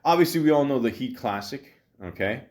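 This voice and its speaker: A man's voice: mid-range voice, animated, fairly quick, darkish tone. A man hosting a podcast alone, chatting casually about a movie in a rambling, joking way, full of swearing, fillers and restarts. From half Italian, half Greek heritage. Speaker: podcast host. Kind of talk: casual solo podcast commentary.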